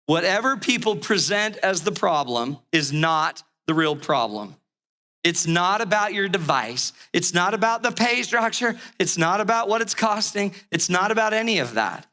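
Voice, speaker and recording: High, bright-voiced animated male speaker. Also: normal speed. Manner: animated storyteller, acts out characters. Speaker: relationship speaker. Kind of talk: motivational talk with acted-out stories.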